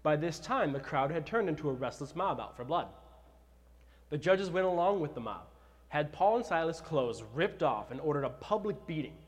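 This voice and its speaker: A man preaching a sermon, retelling scripture with animated, dramatized storytelling. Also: a little high, moderate pace. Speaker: pastor.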